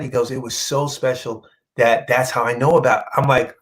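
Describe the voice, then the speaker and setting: A male comic book artist telling a story in a casual interview, animated and acting out quoted dialogue, halting and repeating himself when moved. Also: mid-range voice, poor audio.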